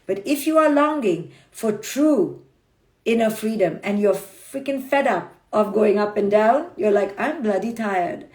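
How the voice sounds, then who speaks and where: A woman giving a motivational talk over a phone livestream, brisk and blunt, with a mid-range voice. She acts out the inner voices of her listeners with emphatic energy. The sound carries a roomy echo. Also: mid-range voice, expressive, darkish tone. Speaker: clinical psychologist and author.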